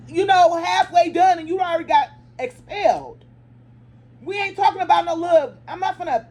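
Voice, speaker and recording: A woman vlogger telling a story to her viewers in a casual, animated, emphatic way, cursing freely and calling her audience y'all. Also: high-pitched, a little hiss or hum.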